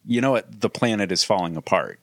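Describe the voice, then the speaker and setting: A man in casual podcast chat, playfully pitching ideas with enthusiasm. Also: animated, a little fast, fairly bright tone, no room sound. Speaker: podcast co-host.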